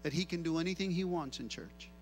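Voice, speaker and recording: A middle-aged male pastor preaching an animated sermon, switching between two languages and repeating phrases for emphasis. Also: a little high, fast, slight background noise. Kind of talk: bilingual sermon.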